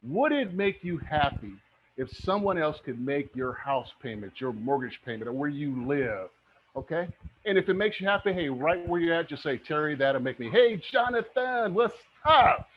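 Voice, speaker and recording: Energetic motivational man teaching a webinar. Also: a little high, normal speed, muffled recording, slight background noise. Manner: energetic, motivational, keeps asking "okay?". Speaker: real estate instructor. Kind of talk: live online webinar teaching.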